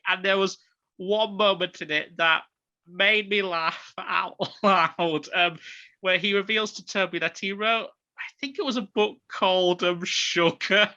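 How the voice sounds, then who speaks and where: Bright-voiced man on a lo-fi mic. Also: sits high. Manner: rambling, with many ums and restarts. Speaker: podcast co-host. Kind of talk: casual review chat. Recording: dull lo-fi mic.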